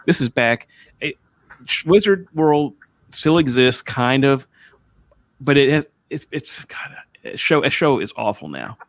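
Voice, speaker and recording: A man's voice: medium pitch, big pitch swings, slow, no echo. A man hosting a casual interview, repeating and restarting his words as he talks. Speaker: host.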